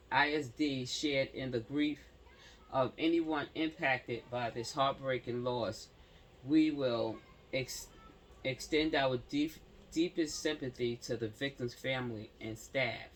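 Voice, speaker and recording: A man's voice: medium pitch, a bit bright, slight background noise. A man works through a news article line by line in a medium, everyday voice. He stumbles over longer words and stops often to talk straight to his audience in casual slang, mixing plain reading with offhand commentary. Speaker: commentary channel host.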